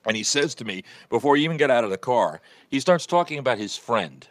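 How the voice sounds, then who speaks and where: A man's voice: mid-range voice, expressive, no room sound. A man hosting an internet radio morning show, telling a rambling story in casual chat. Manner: fast, rambling storytelling with restarts.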